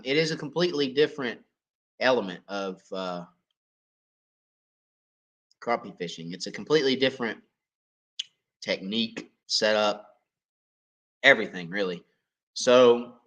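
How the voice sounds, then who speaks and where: A man hosting a live fishing Q&A, hoarse and coughing as he loses his voice, talking in a folksy, chatty way and checking in with viewers. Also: medium pitch, bright, forceful tone. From East Tennessee. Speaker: fishing channel host. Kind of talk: live Q&A chat.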